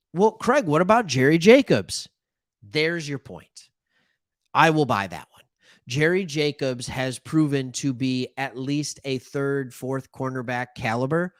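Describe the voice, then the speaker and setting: A man's voice: mid-range voice, dry recording, studio quality. A man from Michigan hosting a sports talk show, chatting casually and animatedly with joking asides. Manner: animated, joking asides, plays imagined callers.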